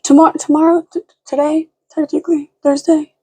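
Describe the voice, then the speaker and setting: A rambling young woman vlogging from home late at night, her voice sitting a bit high for a woman. She talks in a loose, frazzled way and slips into cooing baby talk for her dogs now and then. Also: level tone, a little fast, mellow. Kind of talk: casual late-night vlog chat.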